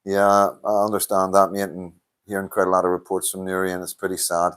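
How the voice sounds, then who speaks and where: Northern Irish man, deep voice, hosting a casual live stream; blunt, swears freely, quick to laugh. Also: completely flat delivery, a bit bright, clean tone. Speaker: livestream host reading chat.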